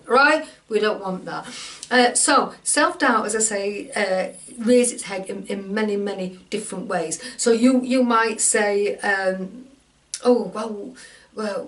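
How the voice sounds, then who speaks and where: A woman's voice: medium pitch, fairly bright tone. A woman giving an informal self-help coaching talk, chatty and repetitive, acting out inner voices. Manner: chatty, repeats words, acts out inner voices.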